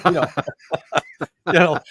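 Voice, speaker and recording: A man's voice: a little high, very slow, slightly rough, no echo. Folksy Midwestern man, dry sound. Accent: Midwestern American. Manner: folksy, animated, chuckles often. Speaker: guest, former intelligence analyst. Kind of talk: political commentary interview.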